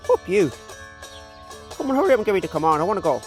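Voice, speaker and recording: A man's voice: high voice, very animated, quick pace, soft background music, voice pushed up. A man putting on a cheeky Irish farm dog. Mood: cocky. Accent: Irish, put on. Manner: swearing, cocky and dismissive. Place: outdoors on a farm.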